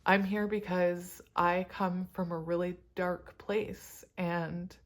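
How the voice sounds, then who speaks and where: A woman's voice: lowish voice, little pitch movement, slow pace. A woman giving a casual tarot reading to her viewers, emotional and tearful, laughing often as she talks about spiritual love and energy. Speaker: tarot reader.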